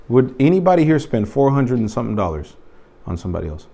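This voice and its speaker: A man's voice: mid-range voice, expressive, fast talker, mellow. A man teaching a youth leadership group around a table, telling stories and asking the group direct questions. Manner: conversational storytelling with direct questions. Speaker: youth pastor. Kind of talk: informal teaching to a small group.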